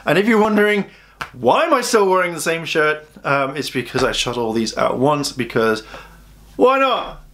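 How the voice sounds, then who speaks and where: A man's voice: fairly high pitch, big pitch swings, normal speed, a bit bright. A man with a slightly raised voice, chatting casually as he reviews a comic book. He rambles through the story with lots of fillers and hedges, sounding keen about it. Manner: rambling, filler-heavy, enthusiastic retelling.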